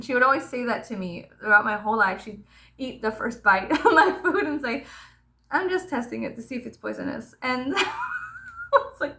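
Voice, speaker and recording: A woman's voice: on the high side, animated, normal speed, bright, forceful tone. A young woman vlogger telling rambling childhood stories to the camera, swearing freely and laughing as she talks. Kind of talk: casual storytelling to camera.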